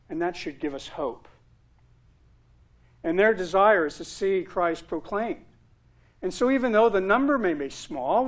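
A male pastor preaching a sermon, earnest, with emphatic repetition and rising stress on key words. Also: sits high.

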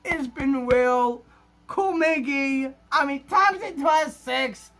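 A man's voice: very high voice, drawn-out words, a bit bright, faint music behind. A gaming YouTuber, a man, talking in an overexcited, gushing vlog style, rambling and restarting his sentences. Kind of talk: excited gaming vlog talk.

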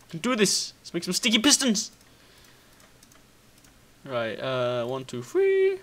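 Guy narrating his game, thinks out loud, swears a lot, voice jumps all over the place, slow easy talk. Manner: excitable, thinks aloud, swears, bursts into high squeals. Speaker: gaming video host. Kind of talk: casual gameplay commentary.

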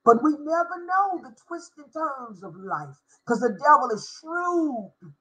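A middle-aged woman, a former schoolteacher, telling a personal faith story with deep feeling and spelling out words for emphasis. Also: big pitch swings, slow, a bit bright, poor audio. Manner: emotional, spells out words, sings briefly. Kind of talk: personal testimony.

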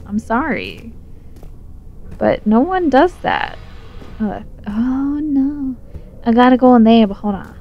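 A woman's voice: on the high side, very animated, a little slow, pauses often, soft background music. A tipsy young woman chatting and swearing through a let's play, talking back to the game's character. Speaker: gamer. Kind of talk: casual drunk let's play commentary.

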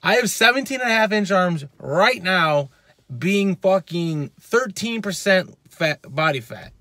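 A man's voice: high-pitched, expressive, a little slow, sharp tone, no echo, studio quality. A male fitness channel host ranting in a vlog, heated and profane, repeating his points.

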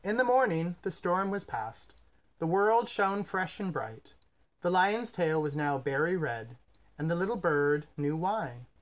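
Expressive man reading a picture book. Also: fairly high pitch, a little slow. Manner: gentle, expressive storytelling. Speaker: storyteller. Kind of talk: children's picture-book read-aloud.

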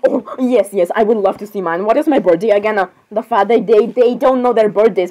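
A woman performing a playful fan role-play skit, voicing several princesses with excitable, dramatic exclamations and flustered restarts. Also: fairly high pitch, a little fast, few pauses, rough recording.

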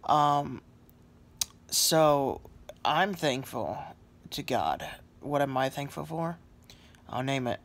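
A drowsy man talks into a nearby camera from his couch at home. He drawls slowly, trailing off between thoughts with many ums and sorries, his voice at a middling pitch. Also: lively intonation, fairly bright tone. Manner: rambling, halting, many fillers and apologies. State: very sleepy. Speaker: vlogger. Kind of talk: casual selfie vlog. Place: lying on a couch indoors at home.

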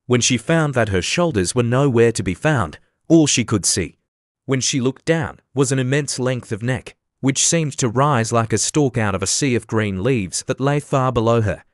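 A man narrating a classic children's storybook as an audiobook, in a measured, gently expressive reading. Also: medium pitch, no echo, studio quality.

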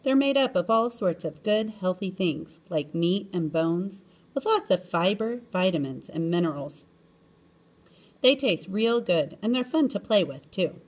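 A woman reading a children's chapter book aloud in an expressive storytelling manner, often lifting her pitch. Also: unhurried.

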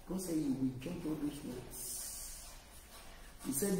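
A man preaching a sermon, emphatic and rising to loud exhortation. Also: on the high side, takes it slowly, pauses often, slight background noise. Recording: echoey hall, voice from far off.

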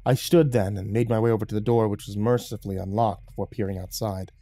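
Dark, mellow male horror narrator. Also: fairly low pitch, fairly even intonation, quick pace. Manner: dramatic first-person telling.

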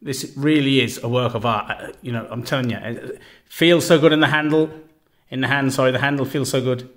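Soft-spoken man rambling about a knife. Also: mid-range voice, fairly quick. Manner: relaxed, repeats himself, stumbles over words; often drops to a quiet, murmured voice. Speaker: knife reviewer. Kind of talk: casual product review vlog.

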